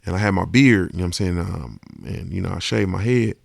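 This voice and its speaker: A man's voice: sits low, a little fast, gravelly, no echo, clean studio sound. A man hosting a podcast in a casual, emphatic monologue, swearing freely and often checking that the listener understands. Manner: emphatic, profane, keeps asking "you understand what I'm saying". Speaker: podcast host.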